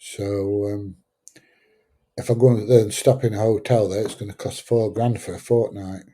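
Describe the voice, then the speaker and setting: A chatty older man in his seventies with a broad Sheffield accent, rambling through a casual livestream and answering viewers. His voice is fairly low and mellow, and he talks bluntly with the odd swear word. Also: steady tone, moderate pace. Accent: Sheffield English. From Sheffield, England. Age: 70s. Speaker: livestream host. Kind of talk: casual livestream chat reading out viewer comments.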